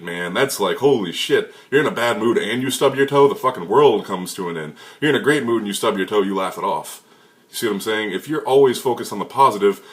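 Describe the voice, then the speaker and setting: A man's voice: lowish voice, fairly bright tone. A young man from the United States, a fitness coach giving a blunt, profane motivational talk.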